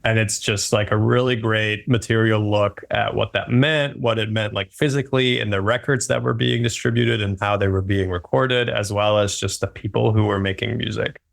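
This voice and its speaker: A man who is a guest on a podcast, talking in a relaxed, casual way with a gravelly voice and pausing to think aloud. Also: lowish voice. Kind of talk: casual conversation.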